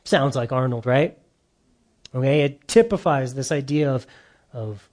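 A man preaching a sermon, earnest and emphatic, lifting his voice for stress and slowing on key phrases. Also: mid-range voice. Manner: earnest, emphatic, with lively rises and drawn-out slow phrases. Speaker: pastor.

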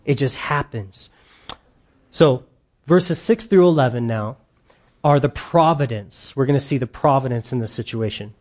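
A man's voice: medium pitch, moderate pace, a little mellow. A man preaching a sermon to his congregation, earnest and emphatic, with the odd joking aside. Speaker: pastor.

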